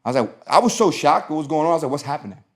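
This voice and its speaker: A man hosting a podcast, telling a personal story in casual chat, lively and quick to act out what others said. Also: fairly high pitch. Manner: animated storytelling, acting out quotes. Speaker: podcast host.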